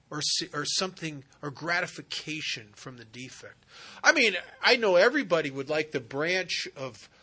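A man giving a spiritual recovery talk, telling stories and acting out the dialogue in an animated way. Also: a little high, breathy edge.

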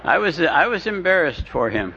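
A man's voice: a little high, sing-song, normal speed, vocal fry, a crowd in the background. A man telling his recovery story with wry, self-deprecating humor, often stumbling and restarting his sentences. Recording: dull lo-fi recording with faint hiss.

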